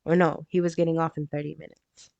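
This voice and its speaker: Chatty woman with a low dry voice. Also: little pitch movement, fast, gravelly, warm tone, dry recording, highs cut off. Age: adult with a grown son. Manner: chatty, laughs often while telling the story. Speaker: crafting vlogger. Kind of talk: casual storytelling while painting.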